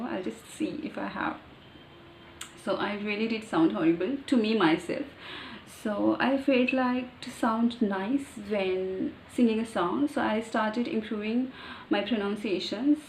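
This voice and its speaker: A woman from Maharashtra whose first language is Marathi, speaking English with an Indian accent in a chatty, rambling vlog with many restarts and fillers. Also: medium pitch. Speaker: medical teacher and vlogger. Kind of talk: casual talk to camera. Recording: echoey room with faint ambient noise.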